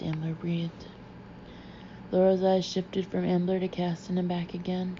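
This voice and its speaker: Woman audiobook narrator, measured reading; dark, mellow tone, faint background hiss. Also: on the low side, flat delivery, dull audio. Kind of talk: scripted narration.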